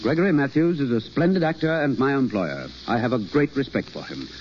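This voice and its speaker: An actor in a 1930s radio drama playing a polished acting teacher, smooth and theatrical but evasive. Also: male voice, medium pitch, expressive, a little fast, darkish tone, lightly acted. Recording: dull old radio broadcast with faint hiss.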